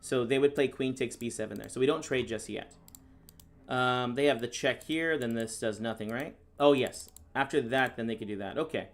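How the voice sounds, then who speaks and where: He's an American man and National Master who streams chess, commenting live on his games at a moderate pace with a mid-range voice. Casual and dryly sarcastic, he reads out questions from viewers and answers each one.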